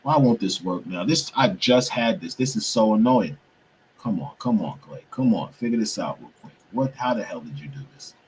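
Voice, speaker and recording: A young man with a fairly low voice mutters and grumbles as he fights with his computer, now and then turning to address his viewers. He swears under his breath in casual, frustrated talk. A faint hum of room ambience sits behind him. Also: animated, normal speed, a little mellow, poor audio. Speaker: podcast host.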